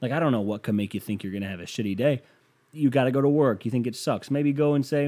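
In a mellow, mid-range voice, a young man talks fast while hosting his podcast. He riffs casually for laughs, rambling and wry, with fillers scattered throughout.

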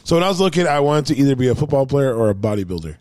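A man's voice: mid-range voice, big pitch swings, rapid-fire, darkish tone, a little hiss or hum. A man in casual chat among friends, blunt and swearing now and then.

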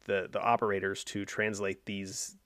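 A man's voice: lowish voice, little pitch movement, moderate pace, a bit bright, no echo. A man co-hosting a casual history podcast, explaining at length and thinking aloud with fillers and restarts. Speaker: podcast co-host.

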